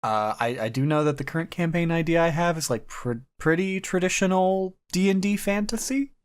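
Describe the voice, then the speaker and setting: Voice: medium pitch, fairly quick, smooth. A speaker on a casual podcast acting as game master, rambling and swearing casually. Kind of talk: casual chat.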